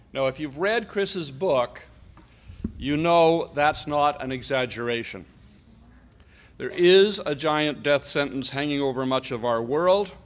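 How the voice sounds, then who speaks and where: A middle-aged man from Canada delivering an emphatic, deliberate political speech at a conference. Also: medium pitch, a bit bright. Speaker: conference speaker.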